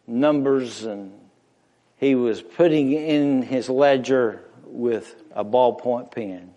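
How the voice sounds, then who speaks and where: A pastor with a mid-range voice preaches a sermon to a congregation in a church sanctuary, impassioned as he swings from loud emphatic rises to hushed near-whispers. The recording carries the long reverb of a large hall.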